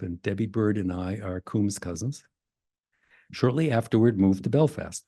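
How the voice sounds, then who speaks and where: An older man from Maine giving a relaxed genealogy talk in a library, reading old records aloud with self-deprecating asides. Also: lowish voice, no echo, clean studio sound. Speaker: genealogy presenter. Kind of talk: library presentation to a society audience. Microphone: presenter mic in a library meeting room.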